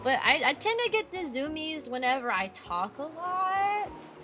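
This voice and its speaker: A woman's voice: sits high, sing-song, unhurried, over music. A young woman streaming casually as a VTuber, talking energetically and playfully and breaking into silly voices and barks. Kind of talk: casual livestream chat.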